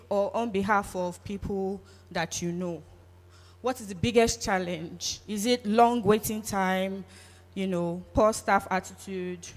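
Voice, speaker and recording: Playful Nigerian woman hosting in a hall. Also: medium pitch. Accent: Nigerian English. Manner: playful, teasing, chatty. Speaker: event host. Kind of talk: lively audience engagement. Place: event hall. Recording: long hall reverb.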